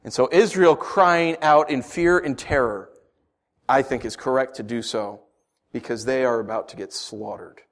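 A man preaching a sermon, swinging from hushed lines to emphatic ones and asking rhetorical questions. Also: medium pitch, normal speed. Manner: rhetorical questions, storytelling asides. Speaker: pastor.

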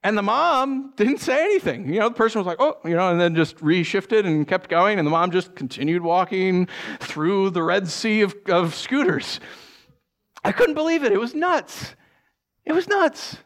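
A middle-aged man preaching a sermon in a fairly high voice. He tells stories with animated energy, acts them out with sound effects, and restarts his phrases as he talks. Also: moderate pace. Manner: repeats words, restarts phrases. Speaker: pastor.

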